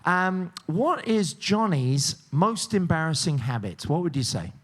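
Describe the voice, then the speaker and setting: A man's voice: fairly high pitch, big pitch swings, unhurried. A man hosting a cruise ship game show, joking and teasing the contestants in upbeat patter.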